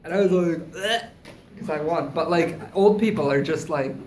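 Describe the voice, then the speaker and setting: Brief: higher-pitched male co-host, animated storyteller, echoey room, faint hiss. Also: moderate pace. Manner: animated, swearing anecdotes with acted quotes. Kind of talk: casual chat, storytelling.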